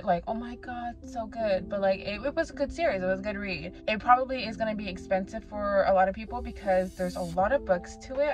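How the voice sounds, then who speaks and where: Chatty woman rambling through a book review. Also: mid-range voice. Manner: chatty, rambling, acts out her own past reactions. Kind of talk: casual vlog chat. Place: away from her home. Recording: slightly muffled, with background music.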